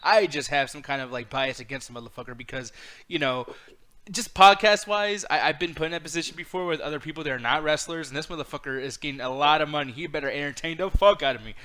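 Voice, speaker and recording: A man's voice: a little high, fast, sharp tone. A man co-hosting a podcast, chatting casually about wrestling, swearing freely and laughing often. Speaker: podcast co-host. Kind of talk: casual profane wrestling chat.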